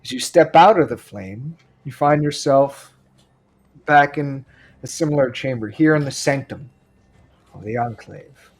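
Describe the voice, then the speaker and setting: A man narrating a tabletop game as game master, slow and measured with pauses. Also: mid-range voice, animated.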